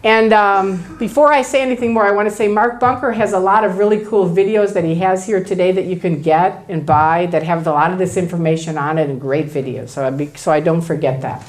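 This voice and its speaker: A woman's voice: on the low side, steady tone, fairly quick, few pauses. A middle-aged woman telling a personal story to an audience at a talk, animatedly acting out the dialogue she quotes. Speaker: speaker at a talk. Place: event room before an audience.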